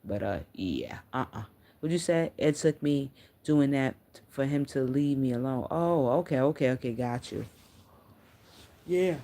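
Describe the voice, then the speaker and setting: A mellow bass voice with lively intonation carries this middle-aged woman's casual live-stream chat at normal speed. As a livestreamer she tells stories candidly, bluntly, and with plenty of profanity, responding to what viewers comment.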